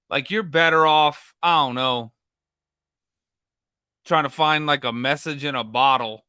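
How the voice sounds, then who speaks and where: A man hosts a livestream and reacts in casual, animated asides with a sarcastic streak. His voice sounds bright and close on a dry, dead mic. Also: a little high, unhurried, pauses often, smooth, no room sound. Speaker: livestream host.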